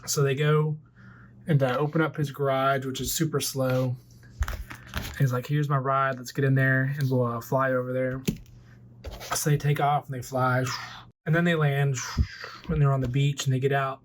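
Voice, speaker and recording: A man's voice: mid-range voice, level tone, moderate pace, long pauses, slight background noise. A man in his forties casually retelling a movie plot as a toy collector vlogger, rambling loosely with lots of fillers. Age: 40s.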